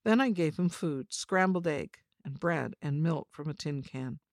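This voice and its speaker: A woman with a fairly low voice reads a first-person memoir, measured and reflective. The sound is close and dry, with no room around it. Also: animated, dry recording. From China. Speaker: narrator of a personal story.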